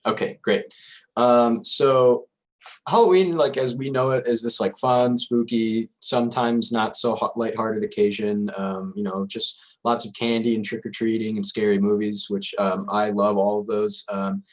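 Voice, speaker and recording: Young male presenter, low voice, loose and hesitant casual lecture. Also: little pitch movement, a little slow, muffled recording. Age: young adult.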